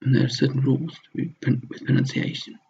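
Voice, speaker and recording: A man's voice: mid-range voice, steady tone, a little fast, creaky, darkish tone, slight background noise. A man teaching a recorded slide lesson, explaining step by step and repeating words to model their pronunciation. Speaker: language teacher. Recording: dull lo-fi sound.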